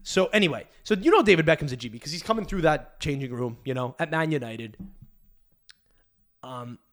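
Male podcast host, fairly high voice, crude rambling rant. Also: lively intonation, brisk, a bit bright. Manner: crude, rambling, restarts a lot. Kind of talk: casual rant.

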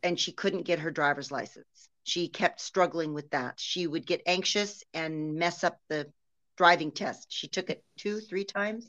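Lower-voiced woman, steady storyteller. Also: measured pace, no echo. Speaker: interview guest. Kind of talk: personal interview talk. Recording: dull, slightly lo-fi recording.

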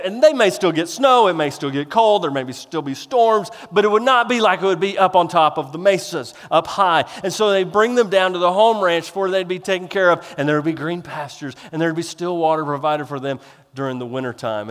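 A man's voice: on the high side, a bit bright, in a large hall. A male pastor preaching a sermon in a folksy, rambling way, with restarts and self-deprecating humor.

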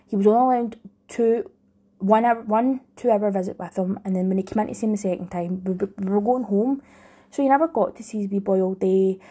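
A woman's voice: medium pitch, brisk, dark tone, slightly rough. A young woman with a Scottish accent telling a heartfelt personal story in a rambling way, often restarting her sentences. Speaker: vlogger, new mum.

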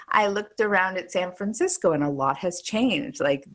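Low-voiced woman rambling through a story. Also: animated, a little slow, fairly bright tone. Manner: rambling storyteller, many "like"s, laughs often. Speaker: podcast co-host. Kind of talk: casual chat.

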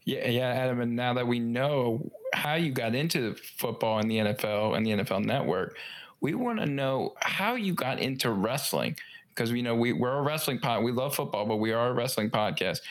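A man's voice: mid-range voice, expressive, moderate pace. A man co-hosting a wrestling podcast, asking a guest questions in a casual, friendly way. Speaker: podcast co-host.

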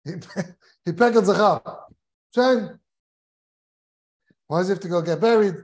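A man's voice: high-pitched, unhurried. A man who is a rabbi giving a Torah class in a study hall, telling a humorous story and chuckling as he goes, mixing Hebrew and Yiddish terms into his English.

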